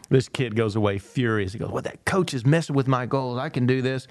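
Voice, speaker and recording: A man co-hosting a panel talk, telling a long story and acting out the people in it with lively quoted voices. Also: medium pitch, moderate pace, dry recording. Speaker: podcast co-host.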